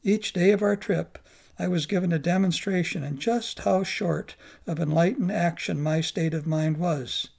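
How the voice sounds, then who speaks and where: Brief: male narrator, heavy vocal fry, husky and rough, steady reflective reading. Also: high voice, normal speed. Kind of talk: memoir audiobook narration.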